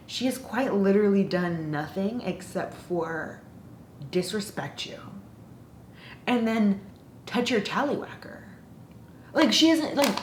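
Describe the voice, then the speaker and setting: A woman's voice: lowish voice, lively intonation, slow pace. A woman casually ranting in a book review, sarcastic and exasperated. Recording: roomy echo with faint noise.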